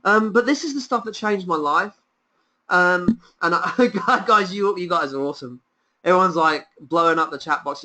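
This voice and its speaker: A man presenting a sales pitch on a webinar, enthusiastic and persuasive, piling up rhetorical questions. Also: moderate pace, sharp tone, a little hiss or hum.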